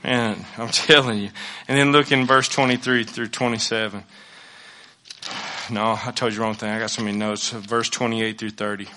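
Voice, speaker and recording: A male pastor preaching a sermon with passion, moving between loud declarations and hushed asides and repeating his phrases. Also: on the low side, level tone, moderate pace, slight background noise.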